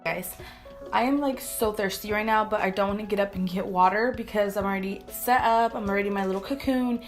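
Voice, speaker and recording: A woman's voice: medium pitch, brisk, faint music behind. A young woman from California chatting through a casual makeup review vlog in her bedroom, rambling and repeating herself. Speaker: beauty vlogger.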